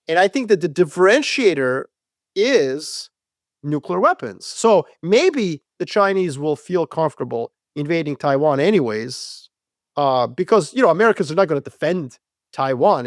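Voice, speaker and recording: A man co-hosting a podcast, debating world affairs in an animated, profane, casual way. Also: fairly high pitch, no room sound, clean studio sound. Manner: animated, profane, acts out quoted voices. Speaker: podcast co-host.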